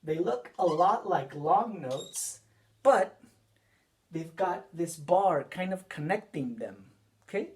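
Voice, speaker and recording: A man leads a children's music lesson at an unhurried, deliberate pace. He is patient and repeats each step. He often stops to ask the class a question. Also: fairly high pitch, animated. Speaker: music teacher.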